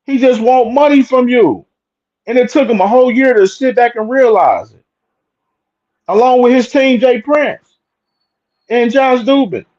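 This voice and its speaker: A high-voiced young man gives casual, opinionated commentary on his own show. He talks emphatically and repeats himself, full of slang and cursing. The sound is muffled and lo-fi. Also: unhurried, pauses often, darkish tone. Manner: emphatic, repetitive, swears freely, slangy. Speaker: boxing commentary host.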